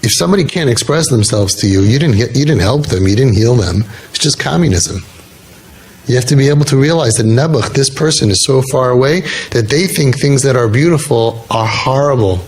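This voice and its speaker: A rabbi speaking informally to an audience, telling stories with lively quoted voices. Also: male voice, mid-range voice, fairly quick, rough recording. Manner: storytelling, animated, acting out quoted voices.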